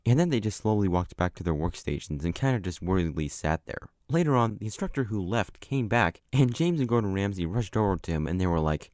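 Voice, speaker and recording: A man's voice: sits low, expressive, quick pace, few pauses, darkish tone, dry recording, clean studio sound. A man narrating a personal story casually, chatty with many asides. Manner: chatty, with lots of likes and asides.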